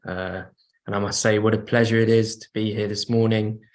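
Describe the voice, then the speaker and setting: A man's voice: on the low side, flat delivery, brisk. A man who is a dispute resolution lawyer, courteously introducing himself to a conference from afar. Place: remote call.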